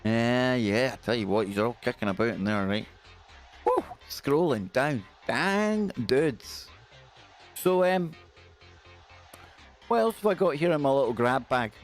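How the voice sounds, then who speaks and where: A man's voice: mid-range voice, animated, measured pace, pauses often, faint music behind. A middle-aged man hosting a casual live stream, greeting viewers by name and joking around.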